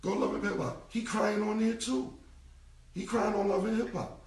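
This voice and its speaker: Speaking at a moderate pace in a high, steady voice, a man in his forties rambles through a casual livestream rant as a rapper responding to something. He's emphatic, profane, and repetitive. The mic is distant, with the phone held away and a roomy echo around his voice.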